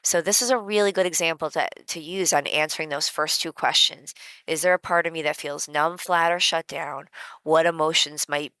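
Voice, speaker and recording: A woman teaching a guided emotional self-help lesson in a gentle, conversational way, with many casual fillers. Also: low voice, steady tone, moderate pace, smooth, no echo, poor audio.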